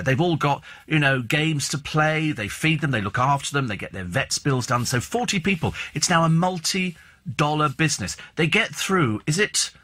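This talk radio host has a husky, bright voice on the high side with a forceful tone. Speaking into a studio microphone, he rambles opinionatedly and sardonically through casual banter, celebrity gossip, and the news.

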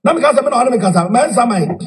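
A self-styled spiritual leader with a Ghanaian accent gives a heated address in an echoey room. His very high-pitched voice races along as he animatedly repeats phrases and mixes in English.

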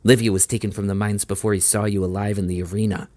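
A frank, sharp-tongued young woman in a storybook reading, as a male reader puts her on. She is matter-of-fact and practical, in a low voice with a dry, close sound. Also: little pitch movement, quick pace, no room sound, close to an everyday voice. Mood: reasoning. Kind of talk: audiobook character voice.

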